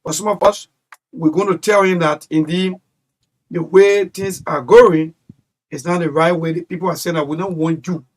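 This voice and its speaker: A man's voice: on the high side, fairly even intonation, moderate pace. A man hosting a call-in radio talk show, emphatic and rambling as he talks to listeners.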